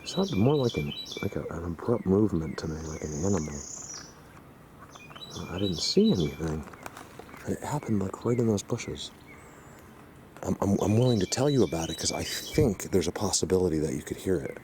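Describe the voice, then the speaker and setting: A man vlogging on a handheld camera outdoors in the woods, rambling excitedly and talking to his viewers. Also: low voice, normal speed. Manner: excitable, rambling, addresses viewers as you guys. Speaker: Bigfoot hunter vlogger. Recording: noisy outdoor camera audio. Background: birds and outdoor ambience.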